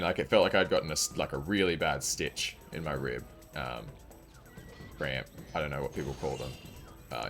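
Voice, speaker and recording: A man's voice: low-pitched, a bit bright. A young man with a non-American English accent, a game streamer chatting casually and telling a rambling story full of fillers. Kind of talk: casual chat while streaming.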